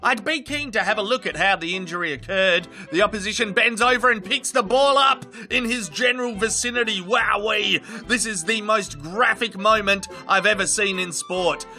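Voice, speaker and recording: Aussie man, comic narrator, sweary and mock-dramatic, high bright voice over faint music. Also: moderate pace, few pauses. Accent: Australian. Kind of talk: comic nature-documentary voiceover.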